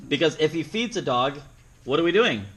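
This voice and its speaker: A man's voice: fairly high pitch, expressive, a little fast, fairly bright tone, a little hiss or hum, poor audio. A man teaching a dog training seminar, plain-spoken, who acts out the dog's thoughts in playful asides. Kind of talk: seminar teaching with live demonstration.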